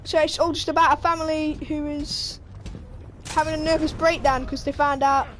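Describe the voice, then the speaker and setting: A young woman streamer reading out a news story while gaming, animated and sweary, laughing as she goes. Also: high voice, moderate pace, slight background noise. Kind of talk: casual commentary while gaming.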